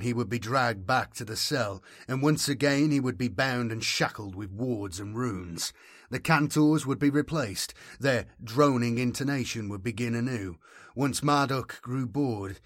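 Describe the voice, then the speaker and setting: A man reading a grim story aloud in a grave, measured narration style. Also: mid-range voice, no echo, studio quality. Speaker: audiobook narrator. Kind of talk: scripted dramatic narration.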